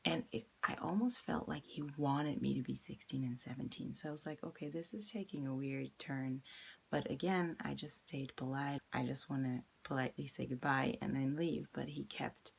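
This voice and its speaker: Low husky young woman telling a story. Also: normal speed. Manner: candid, reflective retelling with quoted dialogue. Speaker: vlogger. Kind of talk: personal storytime vlog.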